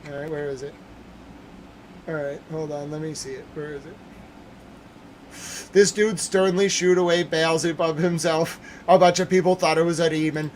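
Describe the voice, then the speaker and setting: Livestream host, male, fairly high voice, worn hoarse, loud repetitive rants. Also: steady tone, normal speed, long pauses, a little hiss or hum. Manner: agitated, loud and repetitive, swings between yelling and muttering. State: hoarse from yelling. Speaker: livestream news commentary host. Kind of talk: ranting livestream commentary.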